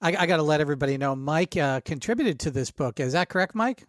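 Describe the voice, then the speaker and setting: A man's voice: a little high, animated, fast, no room sound, studio quality. A man co-hosting a casual podcast, eager and jumping in with questions. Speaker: podcast co-host.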